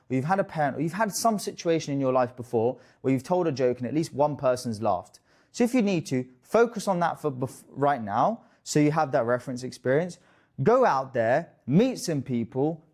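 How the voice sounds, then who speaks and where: Swearing, jokey young dating coach. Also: male voice, a little high, a little mellow. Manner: casual, swears freely, jokey asides. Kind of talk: direct-to-camera coaching talk.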